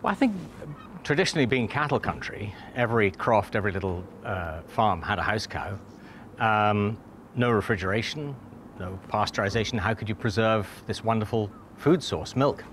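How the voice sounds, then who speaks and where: A cheesemaker answering interview questions, explaining thoughtfully with small hesitations. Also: male voice, on the low side, animated, normal speed, fairly bright tone. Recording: noisy background ambience.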